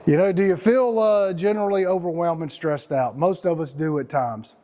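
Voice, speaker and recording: A man's voice: sits high, normal speed, dark tone. A man, hosting and talking casually to a small group, rambling and self-mocking with some cursing and sarcastic mock voices. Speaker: host.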